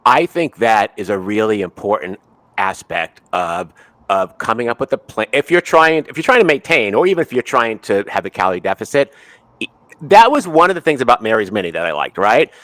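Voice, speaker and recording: A middle-aged man chatting casually as a guest, animated, often tagging his points with a quick "right?". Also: on the low side, dry recording. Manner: animated, ends many remarks with "right?". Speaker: co-host guest. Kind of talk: casual conversation.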